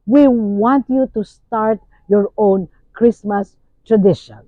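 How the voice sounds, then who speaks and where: An older woman from the Philippines, hosting and sharing memories in a slow, musing way with many fillers. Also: medium pitch, dry recording. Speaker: host. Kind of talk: casual reflective talk. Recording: tinny phone-like sound.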